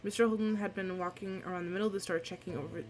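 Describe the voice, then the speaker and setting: A woman's voice: medium pitch, steady tone, rapid-fire, soft background music. A young adult woman streamer reading a visual novel aloud, with casual, emotional asides.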